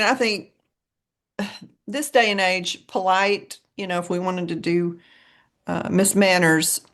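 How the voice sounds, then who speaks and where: Southern US woman, podcast co-host, lowish voice, chatty storyteller who laughs often. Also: fairly bright tone. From American South. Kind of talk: casual chat.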